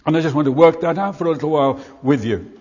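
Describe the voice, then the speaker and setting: A man's voice: fairly high pitch, fast talker, a little mellow, husky. Earnest older man preaching in a hall. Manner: earnest, repetitive emphatic preaching. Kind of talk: sermon. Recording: muffled hall recording with long reverb.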